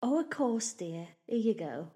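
A woman's voice: on the high side, big pitch swings, a little slow, dark tone, slightly rough, full character voice. A woman voicing a chatty, nosy female clerk at an institute, with homely, gossipy phrasing. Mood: friendly.

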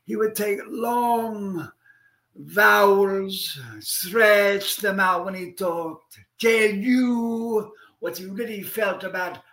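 A man's voice: high-pitched, extremely slow, fairly bright tone, roomy sound, voice pushed up, heavily acted. A man putting on the voice of a male dancer with a Russian accent, a smoker's whiskey voice and long stretched-out vowels. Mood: dreamy.

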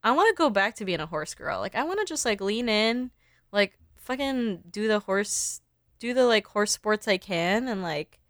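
A woman's voice: mid-range voice, big pitch swings, normal speed, no echo, studio quality. A young woman co-hosting a podcast, recapping a movie in a rambling casual way, saying "like" constantly and laughing often. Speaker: podcast co-host.

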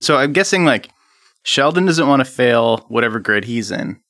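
Bright, dry-sounding young man chatting. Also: medium pitch, animated, moderate pace, dry recording. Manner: speculative, chatty. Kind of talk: casual comedic chat.

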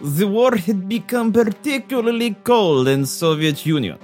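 A man voicing a solemn KGB agent narrating his mission slowly and dramatically in a put-on Russian accent that drops its articles. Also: sits high, animated, faint music behind, voice pushed up. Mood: dramatic. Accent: put-on Russian, dropping articles. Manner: slow, dramatic, halting.

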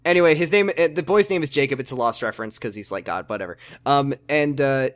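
A podcast co-host recapping a TV episode with jokey, animated banter and some swearing. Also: medium pitch, fast talker. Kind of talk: casual comedic recap chat.

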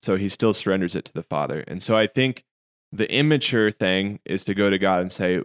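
Low-voiced, earnest man discussing faith. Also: expressive, a little fast, smooth. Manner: earnest, reflective, explanatory. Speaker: podcast co-host.

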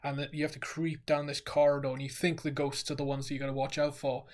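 A man co-hosting a casual podcast, telling animated stories and acting out sounds. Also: on the high side, fast. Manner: animated storyteller, acts out sounds. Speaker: podcast co-host. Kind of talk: casual chat.

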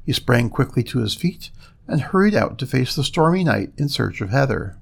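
Gravelly male fairy-tale narrator. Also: medium pitch, very animated, moderate pace. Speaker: storyteller.

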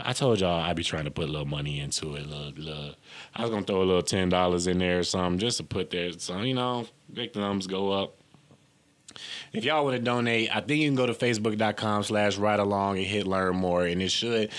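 Low-voiced laughing podcast host, man. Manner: incredulous, mocking, laughs often, profane; repeats questions, rising to high exclamations. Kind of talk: comedic rant monologue. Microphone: camera and mic at home.

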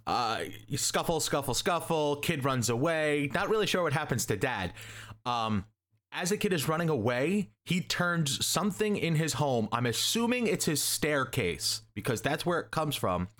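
A man's voice: fairly high pitch, sing-song, moderate pace, a bit bright. A young man in casual chat, rambling and joking as he recaps a story and acts out the characters' lines. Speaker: podcast co-host recapping a comic.

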